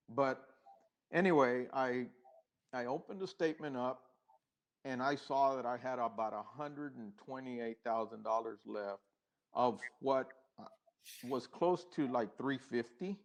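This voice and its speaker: On a podcast, a middle-aged guest with a mid-range voice reflects on his own story without hurry. His telling includes pauses and restarts, and he acts out past dialogue.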